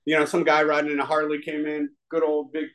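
In a room before a live audience, a man recounts his recovery, rambling and heartfelt and restarting many times. His slightly high, somewhat bright voice is monotone and quick, and the recording is rough.

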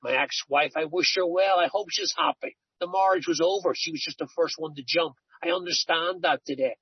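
A middle-aged man tells his recovery story in an earnest, rambling way, often circling back on his words. His voice is husky and sits a little high for a man. The recording is dry and dull. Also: lively intonation, brisk, dry recording. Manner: earnest, storytelling, repeats himself. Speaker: recovery speaker. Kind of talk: personal testimony talk.

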